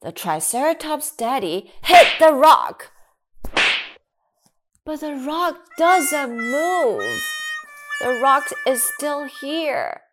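A woman teacher reading a children's story aloud in a slow, exaggerated, expressive way. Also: sits high. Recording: children's music behind.

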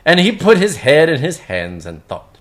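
A woman's voice: low-pitched, very animated, normal speed. A woman reading a children's picture book aloud, acting out the characters and sound effects. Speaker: story reader.

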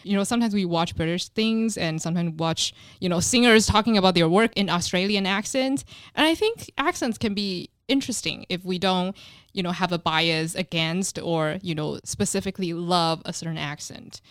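A woman with a Taiwanese accent and native Mandarin, hosting a casual podcast chat in English, lively and quick to laugh, with many "you know" fillers. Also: fairly low pitch, dry recording, studio quality. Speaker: podcast host.

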